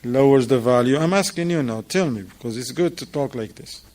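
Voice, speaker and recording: A man's voice: mid-range voice, fairly quick, a little mellow. A man teaching an informal religious class in a mosque, talking with his students, asking them questions and repeating their answers, in English that is not his first language.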